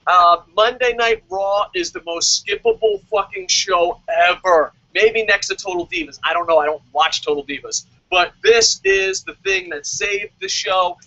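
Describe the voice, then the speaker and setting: A man's voice: high voice, huge pitch swings, normal speed, gravelly, few pauses, bright, forceful tone, dry recording, lo-fi sound. A man giving a profane, sarcastic rant while reviewing wrestling shows as a vlogger. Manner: swears constantly, sarcastic.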